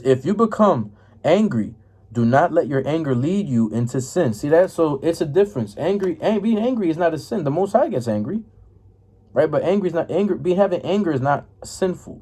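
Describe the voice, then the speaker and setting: Casual man teaching scripture, mellow voice. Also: mid-range voice, slightly rough. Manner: casual, repeats "right?" and "man", stumbles while finding verses. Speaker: religious teacher.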